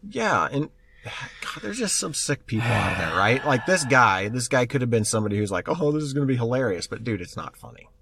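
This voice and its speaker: A man's voice: medium pitch, moderate pace, vocal fry, crowd noise. A man co-hosting a casual tech podcast, telling stories animatedly and acting out the voices of the people in them. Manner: animated storyteller, acts out quoted voices. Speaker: podcast co-host.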